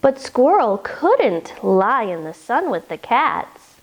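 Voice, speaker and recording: A woman leading a children's yoga storytime, guiding gently and playfully. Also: on the high side, sing-song. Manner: gentle, playful, slow sing-song guiding. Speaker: kids' yoga story teacher.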